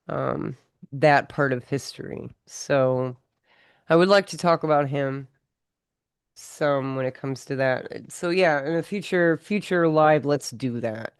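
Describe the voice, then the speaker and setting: A woman hosting a casual livestream chat from home, talking in an unhurried, thoughtful way. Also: very deep voice, clear, resonant tone, dry recording, clean studio sound. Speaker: host of a live stream.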